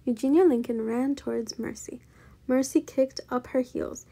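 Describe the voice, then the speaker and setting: Husky, gravelly woman reading a storybook. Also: high voice, moderate pace, dark tone. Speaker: storybook reader. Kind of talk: children's book read-aloud.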